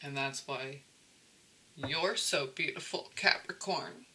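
Bright-voiced man rambling through a tarot reading. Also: mid-range voice, takes it slowly, poor audio. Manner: rambling, checks in with "okay?" often. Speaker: tarot reader.

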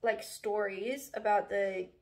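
This book vlogger, a young woman, talks in a slow, mid-range voice about her current reads. Her casual, relaxed chat rambles, full of fillers and restarts, and there's slight background noise.

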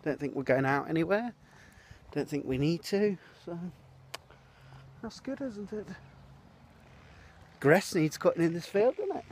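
A man's voice: a little high, animated, unhurried, long pauses, a little hiss or hum. A man chatting casually to his phone camera for a family vlog, rambling with trailing fillers as he moves between the house and garden. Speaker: family vlogger. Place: at home, indoors and in the garden. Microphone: phone camera held by the speaker.

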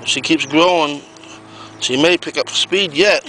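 Guy walking his pumpkin patch w a camera, bit high voice, repeats himself a lot. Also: unhurried, sharp tone, a little hiss or hum, low-quality recording. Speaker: pumpkin grower. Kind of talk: casual garden video tour. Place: outdoors in a garden.

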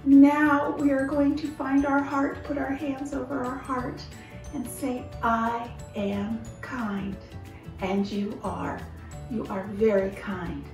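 A woman at home leading a gentle, encouraging children's movement and singing lesson. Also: sits high, fairly even intonation, takes it slowly, distant mic, music in the background. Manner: gentle, encouraging, sings along. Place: her home. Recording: roomy, from away from the mic.

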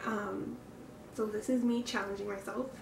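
A woman's voice: medium pitch, fairly even intonation, normal speed, creaky. A young woman talking openly to camera in a personal vlog, reflective and hesitant, breathing hard from nerves. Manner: reflective and candid, with hesitant fillers and sighs. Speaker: vlogger. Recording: echoey room, distant mic, background noise.

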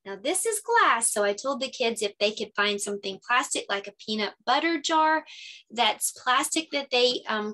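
A woman teacher talking casually through her lesson ideas. She explains things chattily and sounds out words slowly when she demonstrates them. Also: mid-range voice, bright, forceful tone. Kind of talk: casual lesson-idea walkthrough.

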